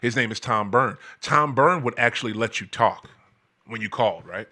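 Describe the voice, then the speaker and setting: A man hosting his own show, delivering a heated, profane rant full of stammering restarts and sudden shouting. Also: medium pitch, normal speed. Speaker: podcast host. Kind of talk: heated ranting monologue.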